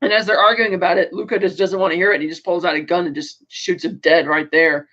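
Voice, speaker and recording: A man's voice: sits high, steady tone, fast, sharp tone, dull audio. A man co-hosting a podcast, recapping a TV episode in a rambling way with many fillers. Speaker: podcast co-host.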